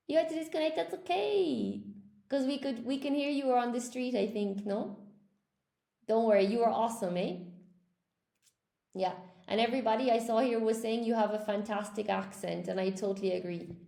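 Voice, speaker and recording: Woman English teacher, live stream host, gravelly voice, echoey room with faint background noise. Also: fairly high pitch, moderate pace, long pauses, mellow. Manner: upbeat, encouraging, reads out comments. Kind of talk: live stream chat with viewers.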